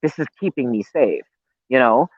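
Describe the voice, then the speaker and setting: Mid-range with lively intonation and a breathy edge, this man speaks at a moderate pace with no echo. As a live-stream interview guest on a dry, tinny phone-like line, he rambles heatedly, swears, and keeps restarting.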